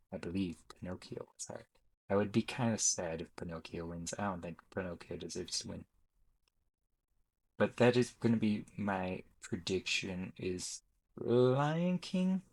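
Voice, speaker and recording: A man's voice: low voice, a little mellow, poor audio. A young man giving chatty, rambling commentary as he ranks films on his channel, often correcting himself mid-sentence. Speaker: YouTuber ranking films. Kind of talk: casual commentary.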